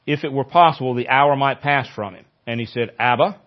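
Male pastor, mid-pitched, conversational sermon delivery, mildly lo-fi recording. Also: fairly quick. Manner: conversational, animated when quoting scripture.

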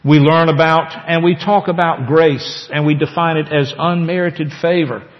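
A man preaching a sermon as pastor, earnest, with slow emphatic pauses. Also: fairly high pitch, steady tone. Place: church sanctuary. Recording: echoey church hall, dull lo-fi sound.

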